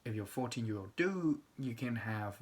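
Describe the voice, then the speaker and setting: A man's voice: medium pitch, animated, normal speed. A man talking in a rambling, digressive monologue, with crude asides. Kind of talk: casual monologue.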